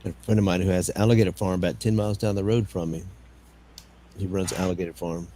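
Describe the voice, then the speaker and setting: A man's voice: sits low, fairly even intonation, fast talker, mellow. A man from the southern United States chatting casually, joking and swearing, often repeating his words. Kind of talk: casual chat.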